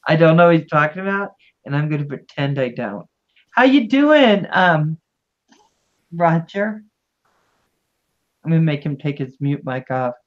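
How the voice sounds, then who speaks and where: A woman's voice: low-pitched, very animated, measured pace, pauses often, lo-fi sound. A woman hosting a livestream, chatting casually and greeting viewers with affectionate words. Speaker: livestream host.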